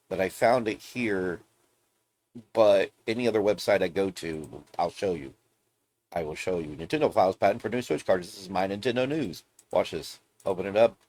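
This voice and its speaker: Blunt, cussing man ranting on camera. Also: on the low side. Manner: blunt, profane, rambling rants. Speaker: gaming video host. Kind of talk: casual ranting vlog commentary.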